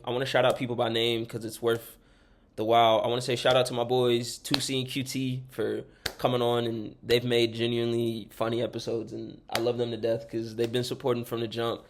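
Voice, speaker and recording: A young man hosting a podcast rambles sincerely through heartfelt shout-outs to friends and listeners, swearing freely and nearly crying. His voice is mid-range, with a little hiss or hum in the audio.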